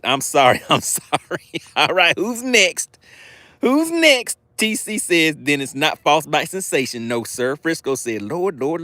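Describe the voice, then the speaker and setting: Outdoors by the water, a man hosts a live fishing stream, reading viewer chat aloud and playfully teasing them. His voice is medium-pitched and a bit bright, with no echo.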